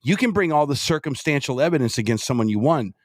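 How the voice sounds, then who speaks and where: A man on a political talk show, talking in an animated way and acting out mock dialogue. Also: mid-range voice, fast, no echo, studio quality. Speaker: show regular.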